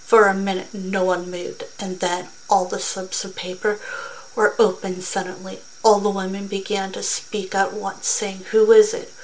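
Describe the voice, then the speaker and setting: A woman's voice: medium pitch, level tone, unhurried, slight background noise, low-quality recording. Woman reading a story aloud. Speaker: reader.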